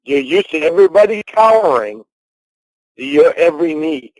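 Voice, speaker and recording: Brief: high-pitched man, confrontational and profane, dry close sound. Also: lively intonation, normal speed, a little mellow, no room sound, rough recording. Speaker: host. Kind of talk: heated argument.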